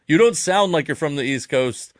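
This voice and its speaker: A man's voice: on the high side, expressive, moderate pace, no room sound. Jokey man hosting a podcast, dry sound. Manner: jokey, self-deprecating. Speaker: podcast host. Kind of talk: casual podcast chat.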